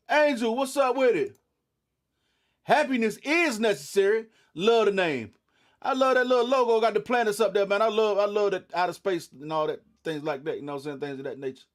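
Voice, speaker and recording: A young man with a drawl and a fairly high voice for a man hosts a relaxed livestream. He talks in a laid-back, drowsy way and greets viewers one after another. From eastern North Carolina. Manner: laid-back, repeats "you know what I'm saying". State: sleepy. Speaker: livestream host.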